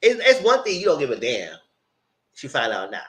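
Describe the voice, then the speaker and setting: In a casual live recap of reality TV, the male channel host laughs often and speaks bluntly and profanely. His mid-range voice has huge pitch swings, a moderate pace, and a fairly bright tone.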